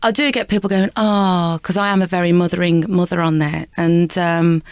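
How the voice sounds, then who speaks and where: A woman, an actress and singer chatting as a radio guest, bubbly and quick to laugh as she tells stories. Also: on the low side, clean tone, no echo, studio quality. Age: 30s. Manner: bubbly, laughing, animated storyteller. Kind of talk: chatty interview.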